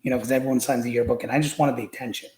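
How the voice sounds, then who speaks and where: A man talks through his memories as a podcast guest, circling back and restarting often. His voice sits at an ordinary middle pitch. The room around him rings with echo. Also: steady tone, rapid-fire, dark tone. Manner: rambling, many fillers and restarts. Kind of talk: casual storytelling.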